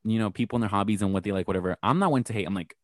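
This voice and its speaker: A man with a fairly low voice chats on a podcast in a blunt, profane, rambling way. The sound is dry and close. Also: racing, dry recording. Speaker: podcast co-host. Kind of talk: casual chat.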